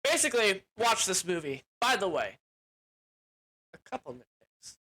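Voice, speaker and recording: Bright-voiced young man rambling through a recap. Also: high voice, very animated, normal speed, slightly rough. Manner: rambling, crude, with frequent "like" fillers. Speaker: movie reviewer. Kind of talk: casual movie recap.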